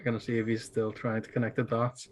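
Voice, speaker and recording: A man playing a tabletop game in casual talk, halting and restarting his phrases. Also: medium pitch, completely flat delivery, a little hiss or hum. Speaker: player.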